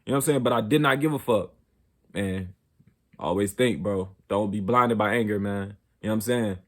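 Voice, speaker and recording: A young man telling a story from his own life in casual, profane slang, often asking "you know what I'm saying". When he replays heated arguments his voice jumps higher and louder. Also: a little fast. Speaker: storyteller host.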